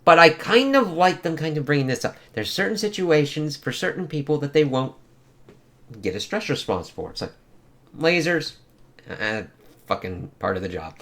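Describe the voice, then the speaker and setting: A man's voice: a little high, big pitch swings, moderate pace, a bit bright. A man giving a casual, profane spoken review of a comic book, with lots of fillers.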